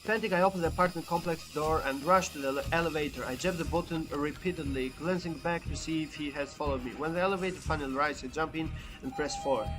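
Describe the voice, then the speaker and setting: A man's voice: on the high side, fast talker, few pauses, music in the background. A man reading a text game aloud as a YouTube gamer, with occasional stumbles and self-corrections.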